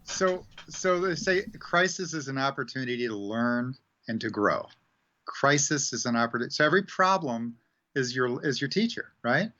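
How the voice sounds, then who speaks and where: A man talking casually about spiritual lessons as a radio guest, animated and acting out quoted voices. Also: mid-range voice, moderate pace. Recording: dull lo-fi sound.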